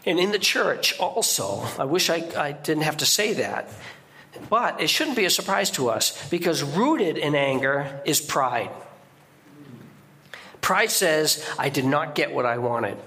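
A man's voice: on the high side, very animated, a little slow, bright, forceful tone. A middle-aged man giving a guest sermon in a church, preaching conversationally with restarts and sudden emphatic outbursts.

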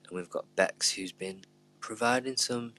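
A man's voice: on the low side, normal speed, bright, forceful tone. A male podcast host in casual, sweary, rambling chat who sometimes drops to a near whisper.

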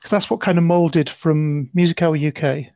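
Mellow, dry-sounding male podcast host. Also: fairly high pitch, normal speed, no room sound. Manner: relaxed, informal, asks open questions. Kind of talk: casual interview chat.

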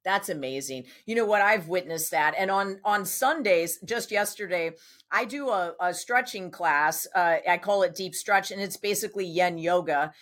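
A woman's voice: on the low side, normal speed. A woman who works as a personal trainer and health coach, talking with enthusiasm as a podcast guest. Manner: enthusiastic, animated storytelling. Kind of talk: casual podcast conversation.

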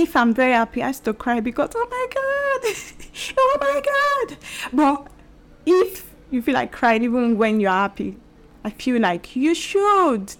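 A woman hosting a solo podcast, talking earnestly and emphatically and acting out the voices she quotes. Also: a little high. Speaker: podcast host.

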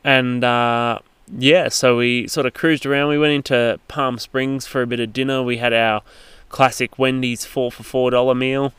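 A man narrates a road trip story in a loose, rambling way, with plenty of fillers and restarts. His voice is very smooth and crisp. The recording is dry and close, with no room sound. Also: medium pitch, little pitch movement, normal speed, fairly bright tone, no echo. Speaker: travel vlogger.

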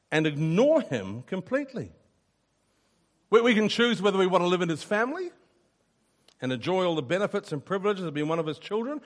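A man preaching a sermon, earnest and emphatic, often repeating a word as he starts a sentence. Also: high-pitched. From New Zealand.

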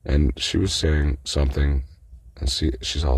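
Man, extremely low and gravelly, husky edge, swearing and worked up in an off-the-cuff monologue. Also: level tone, measured pace, no echo. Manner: profane, agitated ranting. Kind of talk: casual unscripted monologue.

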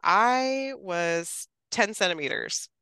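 A woman in her thirties telling a personal story as a podcast guest, chatty and animated, acting out what others said and laughing often. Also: mid-range voice, slow pace, clean tone, dry recording. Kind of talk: casual storytelling.

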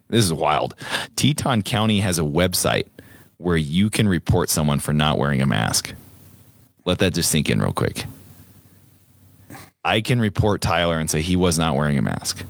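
A man's voice: low voice, dry recording, clean studio sound. A man co-hosting a casual political talk show, emphatic and repetitive, with many fillers. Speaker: podcast co-host.

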